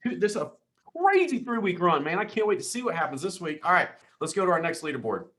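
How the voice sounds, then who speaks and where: A man hosting a weekly team sales call, reading out leaderboards with hyped shout-outs, calling people dude and brother. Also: high-pitched, big pitch swings. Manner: hyped, calls everyone dude and brother, quick asides.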